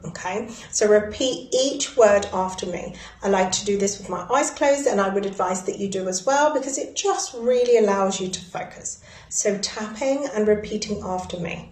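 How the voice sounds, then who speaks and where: A woman leading a guided breathwork and ritual session in a soothing, gently instructive way. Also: mid-range voice. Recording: echoey room.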